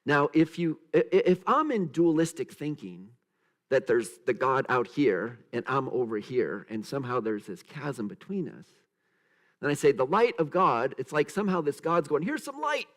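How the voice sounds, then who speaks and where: A man minister giving a sermon in a church, animated, acting out quoted voices, with many restarts. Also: medium pitch, normal speed. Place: church sanctuary.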